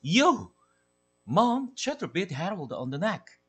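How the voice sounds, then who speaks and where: A man with a Korean accent voicing an excitable young boy who talks eagerly to his parents. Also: mid-range voice, moderate pace, slightly rough. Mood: alarmed.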